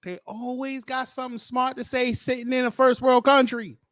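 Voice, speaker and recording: A man hosting a commentary show, reacting in a mocking, slangy and animated way. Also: very high-pitched, normal speed, no echo.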